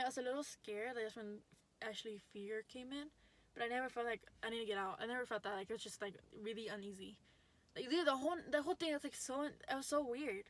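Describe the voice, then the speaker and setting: A young woman talks straight to her audience, rambling through a story with plenty of fillers and excited bursts. Her voice sits a little high, and she keeps it casual and quick to react. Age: young adult. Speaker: vlogger.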